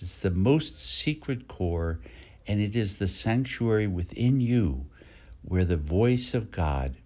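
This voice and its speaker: A man, a priest, giving a reflective podcast homily in a gentle way, with pauses and repeated phrases. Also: low voice.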